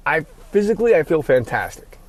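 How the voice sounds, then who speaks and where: Gravelly middle-aged man rambling. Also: medium pitch, lively intonation, normal speed, a little mellow. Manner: rambling, profane, ad-libbing. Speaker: podcast host. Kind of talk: casual solo monologue.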